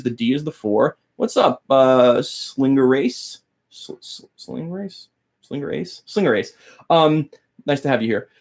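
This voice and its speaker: This man's voice is fairly high and a little mellow. While teaching guitar on a casual live stream, he wanders off topic, forgets where he was, and chats with viewers, greeting them by name.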